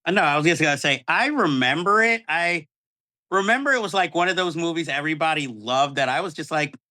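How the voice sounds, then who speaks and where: A man's voice: on the high side, expressive, a little fast, bright, forceful tone. A man hosting a podcast, chatting about films and acting out his own reactions. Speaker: podcast host. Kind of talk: casual film chat.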